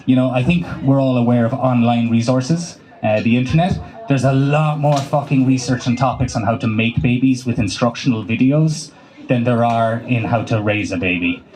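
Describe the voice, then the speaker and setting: In a small cafe's open mic, a young Irishman with a dry throat and a medium-pitched, slightly mellow voice does loose stand-up, swearing through his story with quick voiced asides. The audio is poor, capturing the live room and a laughing crowd.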